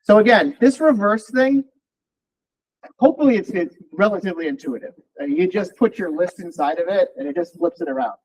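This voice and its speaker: During a live coding lecture, a man teaching college programming thinks aloud in a relaxed way as he types and runs code. His voice sits high, his pace is fairly quick, and the recording is low quality.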